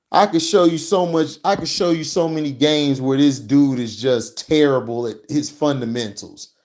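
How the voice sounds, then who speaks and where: A man's voice: medium pitch, unhurried, darkish tone. A man ranting and reacting to football footage in a heated, profane, mocking way. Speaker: sports commentary vlogger.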